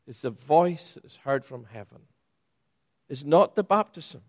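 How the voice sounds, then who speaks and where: A man preaching a sermon, stressing key words by rising and then dropping low and soft. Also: lively intonation, a little slow, dry recording, clean studio sound.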